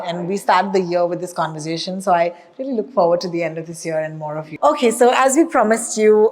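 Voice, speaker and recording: A woman hosting a live audience Q&A, bubbly and quick to cheer guests on. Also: medium pitch. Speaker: host.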